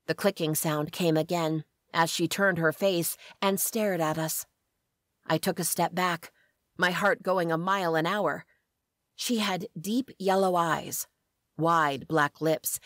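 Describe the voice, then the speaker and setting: A woman reading a first-person fantasy story aloud as an audiobook narrator, with a steady, even delivery. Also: deep voice, no room sound, studio quality.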